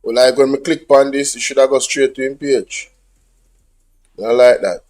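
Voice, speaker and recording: A man with a Jamaican accent talking haltingly as a podcast guest while fiddling with his phone. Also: mid-range voice, fairly even intonation, a little mellow, soft background music. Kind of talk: casual chat.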